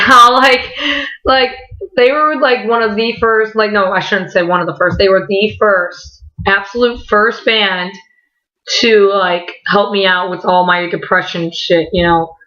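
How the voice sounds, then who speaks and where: Young woman, casual storytelling, rambling, excited, swears a lot, bright voice, dull lo-fi sound. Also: mid-range voice. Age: young adult. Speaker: vlogger.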